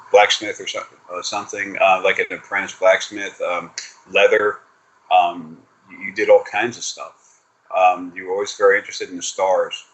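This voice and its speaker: Rambling, profane man with a low voice. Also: bright, forceful tone, poor audio. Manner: rambling and profane, with many fillers. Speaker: spiritual reader. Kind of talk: casual spiritual reading over a video call. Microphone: video call.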